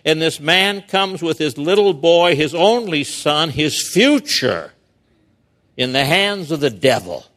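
Male pastor, fairly high voice, slow deliberate sermon delivery with dramatic emphasis. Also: expressive, a bit bright. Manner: emphatic and rhetorical, dramatic verse reading. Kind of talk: expository sermon.

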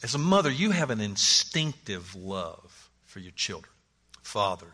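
A man's voice: on the low side, sharp tone. A man teaching a Bible study class, earnest and searching, often repeating his words and putting questions to the group.

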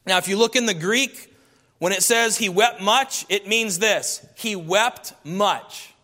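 A man's voice: sits high, measured pace, sharp tone. A man preaching a sermon, reading scripture aloud and building emphatic lists of repeated phrases. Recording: long hall reverb.

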